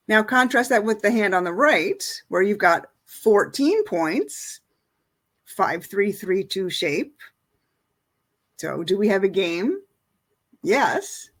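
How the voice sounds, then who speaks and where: A middle-aged woman teaching an online lesson, explaining in a casual way with many fillers. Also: mid-range voice. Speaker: bridge teacher.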